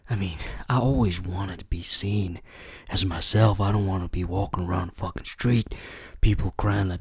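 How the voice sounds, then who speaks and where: A man's voice: sits low, fairly even intonation, normal speed, few pauses, slightly rough, no echo, clean studio sound. A man hosting a comedy reaction video, mock-dramatic and self-mocking, swearing freely. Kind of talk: jokey reaction commentary.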